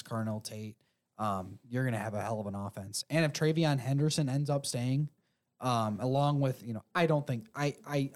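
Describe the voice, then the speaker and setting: Casting note: male co-host, laid-back and a bit tired, confident takes on football. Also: mid-range voice. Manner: relaxed, tired, opinionated. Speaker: podcast co-host. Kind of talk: casual sports chat.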